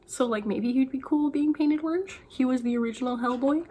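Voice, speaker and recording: A young woman author chats in a loose, rambling way, often restarting her sentences. Her voice sits a little high. A faint hum of background sound runs under the whole recording. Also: fairly quick, dark tone. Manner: chatty, rambling, full of "like" and restarts. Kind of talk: casual vlog chat.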